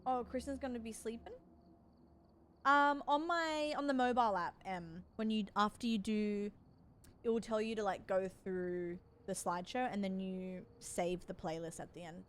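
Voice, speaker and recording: A woman's voice: on the high side, moderate pace, slight background noise. A young woman, chatting casually and rambling with her stream viewers from home. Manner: rambling, chatty, laughs often.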